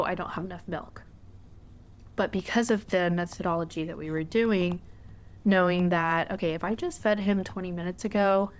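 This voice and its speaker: A young woman who hosts a podcast tells a personal story with candor, speaking conversationally and using frequent fillers. Her voice sits on the low side, and a little hiss or hum can be heard.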